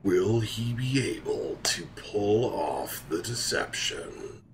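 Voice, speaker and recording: A man putting on a dramatic movie-trailer narrator, speaking in a slow, hushed, breathy delivery. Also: lowish voice, expressive, noisy background, pitched above the performer's own voice. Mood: ominous.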